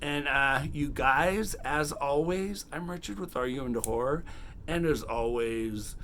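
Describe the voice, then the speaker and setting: A man hosting a casual, unedited book review, chatty and animated, acting out bits of the story in quick quotes. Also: a little high, slight background noise. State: has the hiccups. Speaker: book review channel host.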